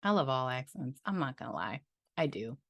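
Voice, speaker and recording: A woman's voice: rumbling low, very animated, a little fast, fairly bright tone, no echo, clean studio sound. A woman vlogging about her budget in a chatty, gushing way, trailing off and restarting as she talks to her viewers. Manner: chatty and gushing, trailing off, with playful sung interjections. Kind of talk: casual chat to camera.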